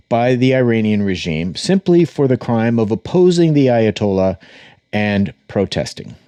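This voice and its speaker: A man's voice: on the low side, dark tone. A man hosting a political commentary monologue in a sarcastic, emphatic manner. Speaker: host.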